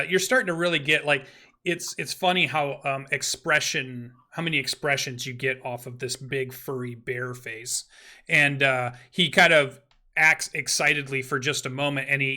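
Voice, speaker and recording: Bright-voiced man running a tabletop game. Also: medium pitch. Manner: halting, many ums and restarts. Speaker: game master.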